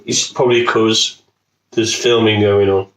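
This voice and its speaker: A man's voice: fairly low pitch, level tone, a little slow, fairly bright tone. A man with a West Midlands accent, from Wolverhampton, chatting jokily and rambling as he demonstrates a recipe at home, swearing now and then. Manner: jokey, rambling, swears casually. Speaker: home cooking video host. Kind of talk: casual cooking demonstration. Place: home kitchen. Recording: echoey kitchen, voice off-mic.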